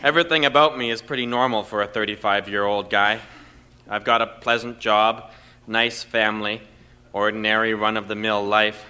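A man performing a deadpan comic monologue as an ordinary thirty-five-year-old guy. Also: fairly low pitch, normal speed, smooth. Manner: deadpan matter-of-fact monologue.

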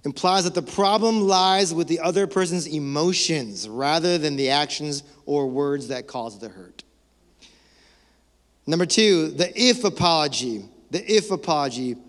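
A man preaching a sermon as pastor, animated and conversational, acting out excuses and laughing now and then. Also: fairly high pitch. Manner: animated, mock-quotes excuses, laughs often. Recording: long hall reverb.

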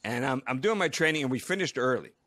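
Animated, lively-pitched storyteller man. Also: fast talker, dry recording. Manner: animated storyteller, acts out quotes. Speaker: co-host, retired astronaut, public speaker. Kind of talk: casual podcast storytelling.

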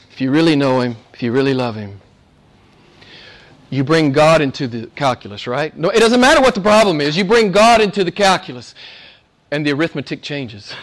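A man with a Southern American accent preaching a sermon with passion, swinging between loud emphasis and hushed asides. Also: a little high. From Southern United States. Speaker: pastor.

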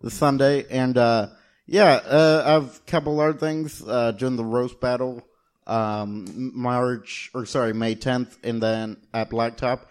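A man's voice: mid-range voice, fairly even intonation, a little slow, a little mellow. Dry-quipping male co-host. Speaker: podcast co-host. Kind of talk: casual comedy podcast chat.

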